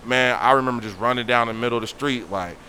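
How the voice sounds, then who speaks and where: Animated man telling a story. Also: medium pitch, quick pace, a little hiss or hum. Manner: animated, acts out quoted voices. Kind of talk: casual storytelling.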